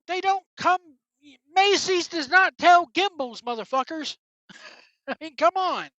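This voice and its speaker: Woman, high-pitched, blunt and profane, exasperated solo rant, dry dull lo-fi sound. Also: animated, unhurried, pauses often, a bit bright, dry recording. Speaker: wrestling commentary host.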